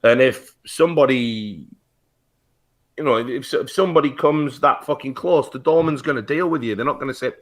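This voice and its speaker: A man's voice: mid-range voice, moderate pace. A British man telling a heated story on a talk show, swearing often and restarting his sentences. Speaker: guest.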